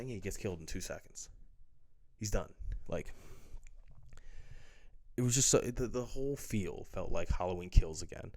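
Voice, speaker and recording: Low-voiced man ranting about a movie. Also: darkish tone. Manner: blunt, profane, full of fillers. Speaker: movie reviewer. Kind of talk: casual ranting film review.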